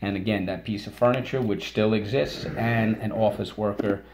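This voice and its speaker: A man teaching a vocabulary and phonics lesson, patient and encouraging, having listeners repeat words and chanting syllables in a higher voice. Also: fairly even intonation, normal speed, noisy background.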